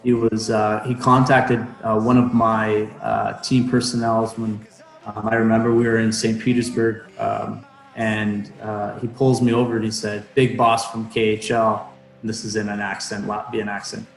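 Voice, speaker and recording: A young man chats as an interview guest from home over a remote call. His delivery is flat and even, halting with fillers and restarts. The sound is roomy and echoey. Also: fairly low pitch, faint music behind. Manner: hesitant, many fillers and restarts. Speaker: professional hockey player, guest. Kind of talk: casual interview chat.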